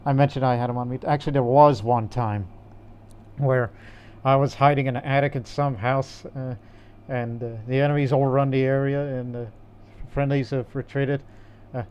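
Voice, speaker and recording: A man's voice: mid-range voice, steady tone, normal speed, a little mellow, clear, resonant tone, dull audio. A man co-hosting a casual gaming podcast, rambling with fillers and restarts. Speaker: podcast co-host.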